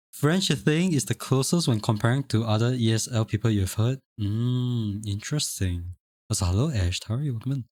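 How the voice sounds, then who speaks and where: A man's voice: medium pitch, a little mellow, no room sound. A young man from Singapore with a light Singaporean English accent, chatting casually on a live stream, rambling and restarting his sentences. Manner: chatty, rambling, many restarts and stammered repeats. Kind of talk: casual live-stream chat, reading chat aloud.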